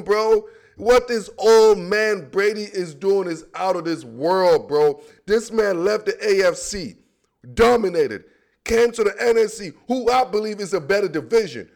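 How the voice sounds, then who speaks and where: Animated high-voiced sports podcast man. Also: creaky. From Washington, D.C. area. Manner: animated, repetitive, slangy. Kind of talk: casual sports talk.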